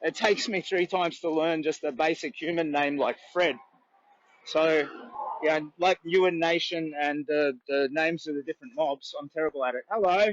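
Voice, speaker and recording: A man's voice: fairly high pitch, moderate pace, lo-fi sound, a little hiss or hum. An Australian man livestreaming from a roadside on a long charity walk, rambling earnestly and chatting with passers-by. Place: outdoors by a road.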